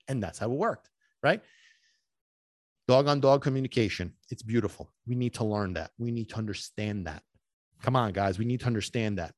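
A man's voice: fairly low pitch, normal speed, dry recording, studio quality. Emphatic middle-aged male podcast host. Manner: emphatic, repetitive, keeps asking listeners if they get it. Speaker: dog trainer and podcast host. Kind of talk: casual podcast talk.

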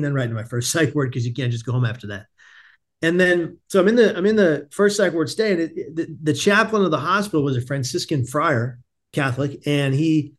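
A man in his forties, a podcast guest, tells a personal story in an animated way, laughing often and restarting sentences. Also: fairly high pitch.

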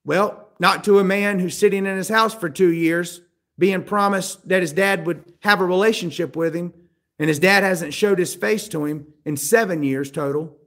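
A man's voice: sits high, moderate pace, fairly bright tone. A man preaching a sermon, asking the listeners questions and acting out the voices of the people in the story. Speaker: pastor.

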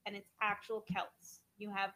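A woman's voice: medium pitch, monotone, moderate pace, sharp tone, poor audio. A woman co-hosting a podcast in casual chat, explaining eagerly, swearing casually and correcting herself. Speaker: podcast co-host.

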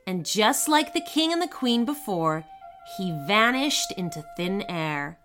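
Woman narrator for a kids' story, bright tone, slow and expressive. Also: mid-range voice, faint music behind. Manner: expressive, unhurried. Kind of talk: children's story reading.

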